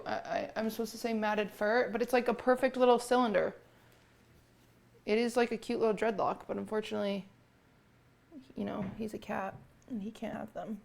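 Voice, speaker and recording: A woman's voice: mid-range voice, vocal fry. A young woman streaming from her home kitchen, chatting casually with viewers and cooing at her cat between remarks. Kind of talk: casual live-stream chat.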